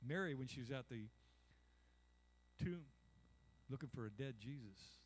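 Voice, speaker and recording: A man's voice: mid-range voice, lively intonation, unhurried, breathy edge. An older man preaching a conversational sermon, acting out little voices and asking the congregation "amen?". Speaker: pastor.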